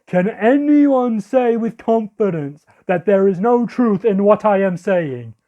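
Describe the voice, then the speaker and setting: Pompous orator voiced by a man, odd put-on accent, high voice, grand declaiming speech. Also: expressive, slow. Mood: grandiose. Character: pompous male orator preaching to a crowd. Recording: lo-fi audio.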